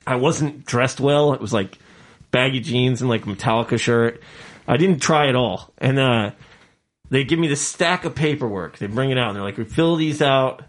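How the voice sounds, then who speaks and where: A man's voice: mid-range voice, normal speed. A man co-hosting a podcast, telling swear-filled stories in casual chat and acting out the people he quotes. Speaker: podcast co-host.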